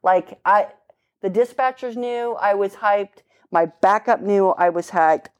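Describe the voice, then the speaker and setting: A woman's voice: medium pitch, unhurried. A middle-aged woman, a police officer, telling a story in an easy conversational way. She talks bluntly and emphatically, throws in casual swearing, and paints each moment vividly.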